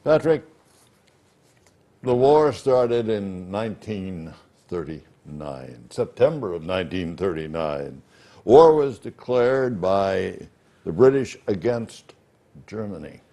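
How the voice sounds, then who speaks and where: A man interviewing a guest for local television, asking unhurried, halting questions. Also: low voice, expressive, warm tone.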